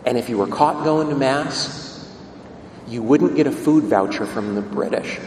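A man's voice: medium pitch, a little slow, darkish tone, a little hiss or hum, lightly acted. A man voicing a friendly Irish village man with an Irish brogue, proudly telling local history, in an echoey church from a distance. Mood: proud, earnest.

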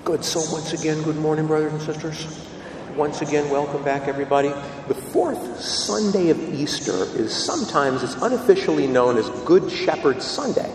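A man serving as a priest, delivering a homily in a storytelling manner that swings up into high, excited tones. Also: normal speed, background noise. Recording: roomy hall reverb, voice from a distance.

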